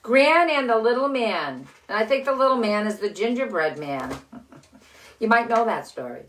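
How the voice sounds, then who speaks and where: An older woman with six grandchildren, teaching letter sounds to children in a slow, cheerful, encouraging way from her living room. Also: on the high side, big pitch swings, fairly bright tone, slight background noise. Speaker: children's story host. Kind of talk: phonics lesson and read-aloud for children.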